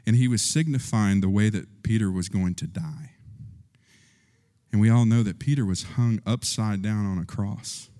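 A man preaching a sermon, telling a story and acting out voices, rising in pitch and force when stirred. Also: moderate pace, mellow. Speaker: pastor. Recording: long reverb of a large hall.

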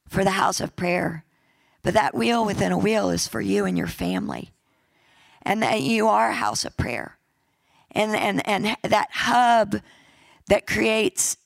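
A woman pastor with a raspy voice, deeply gravelly and full of fry, preaching in a sermon. She keeps it chatty and jokey and repeats key lines for emphasis. The sound is dry and close, with no room around her. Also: no room sound, low-quality recording. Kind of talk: sermon with church announcements and prayer.

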